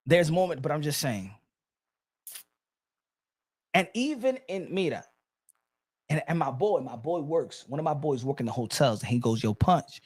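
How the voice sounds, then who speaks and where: A man hosting his own boxing channel, telling stories in a rambling, animated casual chat full of restarts. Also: a little high, unhurried, pauses often.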